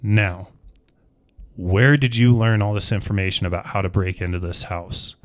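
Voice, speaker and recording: Tabletop game villain: a man playing a cold enforcer, slow and threatening, low voice. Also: natural voice. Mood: menacing. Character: menacing male enforcer for a rich client.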